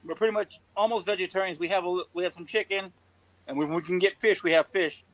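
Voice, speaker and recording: A man's voice: high voice, fairly even intonation, quick pace, no echo, poor audio. A man from California chatting as a guest on a video call, telling stories in an easygoing, repetitive way. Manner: storytelling, easygoing, repeats words. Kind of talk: casual chat.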